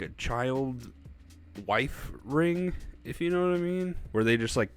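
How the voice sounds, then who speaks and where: A young man giving a casual, rambling movie review vlog, animated and quick to laugh. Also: lowish voice.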